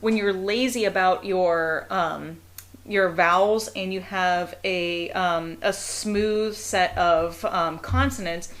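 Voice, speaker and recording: A young woman from around Pittsburgh, whose voice sits on the low side and carries the local accent, appears as a guest reviewer on a laid-back podcast. She chats animatedly, laughing and throwing in quick asides.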